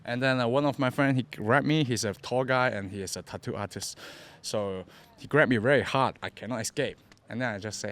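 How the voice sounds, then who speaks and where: A man's voice: mid-range voice, fairly quick, fairly bright tone. Young hong kong guy with a cantonese accent, broken english, keeps repeating words, storytelling on a podcast. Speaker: interview guest. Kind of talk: casual storytelling.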